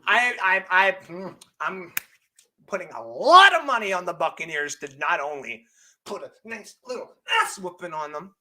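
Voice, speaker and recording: A young man hosting a live sports stream, ranting loudly and profanely and often shouting. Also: high voice, very animated, normal speed. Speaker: host.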